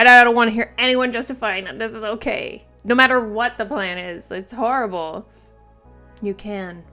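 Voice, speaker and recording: A woman's voice: medium pitch, sharp tone. A woman hosting a manga reaction video in casual commentary, talking emphatically and exasperatedly, with lots of "like" fillers and some swearing.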